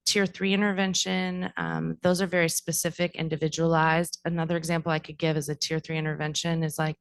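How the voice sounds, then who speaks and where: A woman's voice: deep voice, gravelly. A young adult woman from the school district explaining classroom strategies at a board meeting, informal with many fillers. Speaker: district staff presenter.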